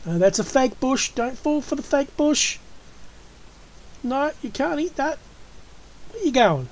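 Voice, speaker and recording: A woman's voice: high-pitched, animated, measured pace, rough recording. An Australian woman hosting a gaming channel, chatting casually through her gameplay and coaxing the animals she tames in a cooing, friendly way.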